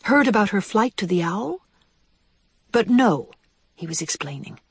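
Woman reading a kids story, husky-ish voice, lots of ups and downs, dry close sound. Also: mid-range voice, very animated, brisk, fairly bright tone, no room sound. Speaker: reader. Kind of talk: storybook read-aloud narration.

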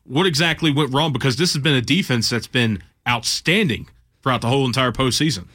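A man's voice: medium pitch, fairly quick, pushed and bright. A man hosting sports radio talk, introducing a guest and setting up questions conversationally.

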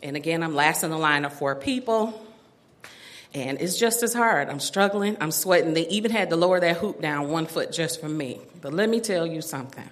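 A middle-aged woman telling a personal story to an audience, animated and self-mocking, laughing often. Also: low-pitched, normal speed.

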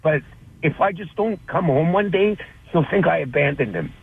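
A man's voice: on the high side, expressive, moderate pace, vocal fry, a crowd in the background. A man calling in to a radio show, talking in a heartfelt, rambling, emotional way. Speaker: caller. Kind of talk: phone-in call. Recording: tinny phone line with faint noise.

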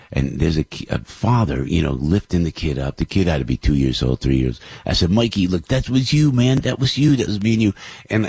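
A man's voice: extremely low pitch, gravelly, darkish tone, husky, no echo. A man, host of a show, telling a rambling, emotional story about his family with many restarts. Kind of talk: casual storytelling monologue.

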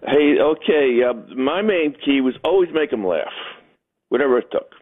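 A man calling in to a talk show, telling stories and jokes in an animated way over a phone line. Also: mid-range voice, moderate pace. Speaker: caller. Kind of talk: phone-in storytelling.

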